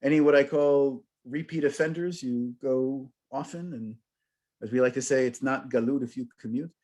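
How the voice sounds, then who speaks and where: An American man, a rabbi, giving a storytelling sermon to a congregation with humor and lively questions. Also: mid-range voice, normal speed. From United States.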